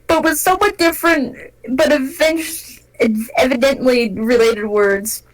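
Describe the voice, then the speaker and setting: A woman's voice: sits high, unhurried, crowd noise, poor audio. A woman co-hosting a podcast in casual chat, giggling often and reading rhyme lyrics aloud. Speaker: podcast co-host.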